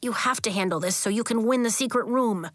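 A woman voicing an earnest, nervous fifth-grade boy in a children's audiobook, speaking in a quiet, muttering way. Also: fairly high pitch, fairly quick, dry recording, clean studio sound.

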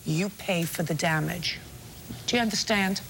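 A woman's voice: fairly low pitch, normal speed, gravelly, noisy background. A woman presiding as a TV courtroom judge, blunt and sarcastic, scolding a litigant. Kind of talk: courtroom judgment. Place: TV courtroom set.

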